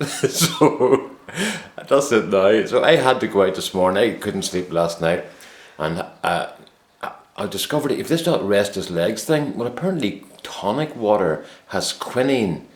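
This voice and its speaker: A man's voice: fairly low pitch, lively intonation, a little slow. A man, telling a rambling, self-mocking story to camera in a casual vlog. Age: 50s. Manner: easygoing, rambling, self-mocking anecdote teller. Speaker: vlogger. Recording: roomy echo.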